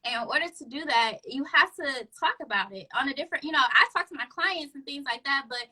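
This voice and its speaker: A woman in her thirties with a high, very bright voice guests on a casual live stream as a therapist. She chats freely, laughs often and restarts her sentences as she goes. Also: animated, a little fast, rough recording.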